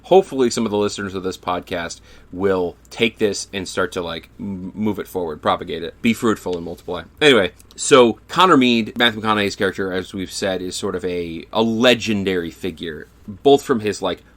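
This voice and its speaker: Man, lowish voice, casual movie chat, animated storyteller, laughing often. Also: brisk. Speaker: podcast co-host.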